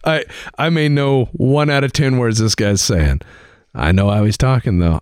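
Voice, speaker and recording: A man hosting a casual podcast chat, rambling and profane, telling animated stories. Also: mid-range voice, normal speed, smooth, dry recording, clean studio sound. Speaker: podcast host.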